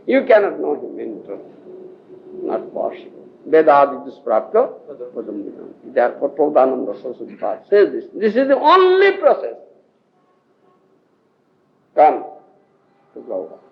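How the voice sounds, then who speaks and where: A man's voice: on the high side, creaky. A man from India with an Odia accent, giving a scriptural lecture to devotees, emphatic, often asking the audience if they understand and laughing. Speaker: spiritual teacher giving a lecture. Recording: dull lo-fi 1980s tape recording.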